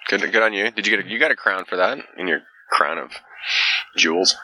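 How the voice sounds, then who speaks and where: Male podcast host, very low pitch, sharp bright tone, crude teasing banter. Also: fairly quick, rough recording. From California. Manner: joking, profane, teasing. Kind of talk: casual chat.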